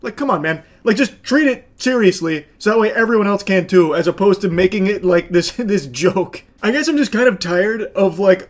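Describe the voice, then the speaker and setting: A man streaming casual reaction commentary, sarcastic and exasperated, swearing often as he picks apart a clip. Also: high-pitched.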